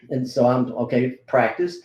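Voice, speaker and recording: A man's voice: mid-range voice, a little mellow. Middle-aged man in an echoey room. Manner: halting, frequent fillers and restarts. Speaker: guest, martial arts instructor. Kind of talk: casual conversational storytelling. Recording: roomy echo.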